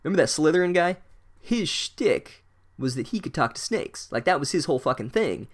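A man recapping a book as a comedic monologue, sarcastic and profane, with deadpan asides and loud incredulous outbursts. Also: a little high, fairly quick. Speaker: podcast host recapping a book.

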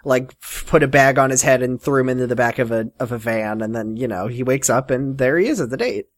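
A man's voice: medium pitch, brisk. A man co-hosting a casual podcast, joking and swearing as he mocks a show's characters. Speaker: podcast co-host. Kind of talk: casual comedic chat recapping a show.

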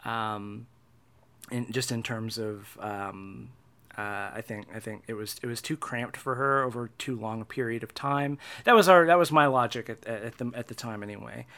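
A young man in a casual personal monologue, halting with many restarts and fillers, and a wry, dark humor. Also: mid-range voice. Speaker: vlogger.

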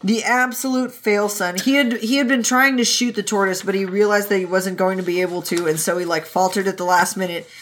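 A woman co-hosting a podcast, recapping a story in casual chat, animated and profane, laughing often. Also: medium pitch, a little fast, hardly any pauses. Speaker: podcast co-host.

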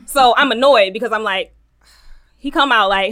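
A young woman co-hosting a casual podcast, telling a story with animated retellings of what people said. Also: a little high, moderate pace. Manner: animated storyteller, acts out quoted dialogue. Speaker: podcast co-host.

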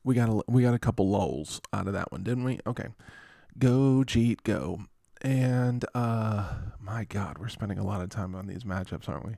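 A man's voice: fairly low pitch, normal speed, creaky, mellow, no echo, studio quality. A man hosting a fantasy football show in a casual, rambling, joking way, full of playful asides. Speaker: fantasy football podcast host. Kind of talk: casual comedic sports chat.

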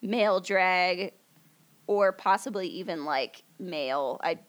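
A woman's voice: on the low side, slow. Rambling, chatty woman podcaster. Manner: chatty, rambling with many fillers. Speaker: podcast co-host. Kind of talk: casual chat. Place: at a table in a room, on a livestream.

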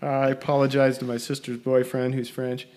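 Guy hosting a chat, mid-pitched, teasing and dry, quizzes his buddy. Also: flat delivery, brisk, darkish tone. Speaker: host. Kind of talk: casual chat.

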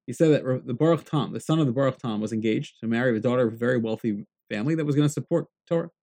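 In a rapid-fire, gravelly voice laced with fry, a Torah teacher gives a lively lecture. He explains in plain English sprinkled with Hebrew phrases, his middle-range pitch leaping high each time he hammers home a point.

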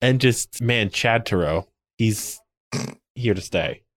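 This is a man co-hosting a podcast, recapping an episode in loose, casual chat. His voice sits a little low. He rambles through the story with constant "like" fillers and tells the scenes with animated energy. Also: slow. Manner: rambling, many "like" fillers, animated retelling with laughs. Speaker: podcast co-host.

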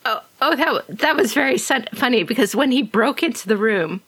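A woman's voice: on the high side, lively intonation, fairly quick, a bit bright, breathy edge, no echo. A woman co-hosting a podcast, chatting casually and with amusement about a story. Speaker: podcast co-host. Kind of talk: casual chat about fiction.

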